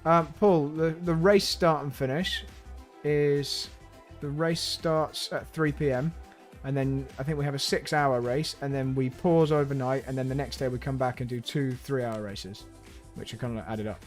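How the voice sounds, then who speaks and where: A man's voice: medium pitch, steady tone, normal speed, hardly any pauses, soft background music. A man chatting casually to his viewers while he drives in a racing simulator on a live stream, laughing easily as he talks.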